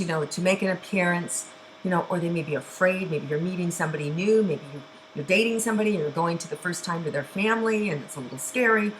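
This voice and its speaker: A middle-aged woman in a slightly low register leads a guided meditation and intuitive reading. She talks slowly and soothingly, letting out soft sighs between thoughts. A faint background noise sits under her voice. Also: poor audio. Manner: slow, soothing, with audible sighs. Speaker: intuitive guide hosting a weekly show.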